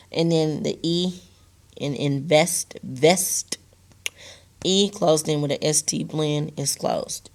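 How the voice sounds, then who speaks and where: A woman teacher giving a recorded lesson to young students, slowly enunciating words and sounds for them to repeat. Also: low-pitched. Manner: slow, deliberate, enunciating words for young learners.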